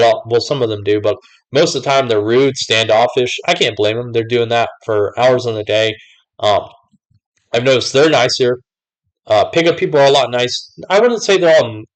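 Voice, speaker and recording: A young man vlogs casually to the camera, rambling through what's been going on lately and leaning on fillers like "like" and "whatever." His mid-range voice has lively intonation and a fairly quick pace, and the recording is rough.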